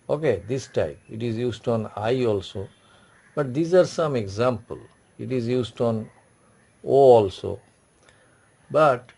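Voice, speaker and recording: A male teacher walks through French marks in that is not his tongue, sounding words out and repeating them. His voice sits at an ordinary middle pitch, and he explains in a patient classroom manner. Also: a little mellow. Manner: repeats words slowly, explaining in non-native English. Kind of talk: classroom lesson.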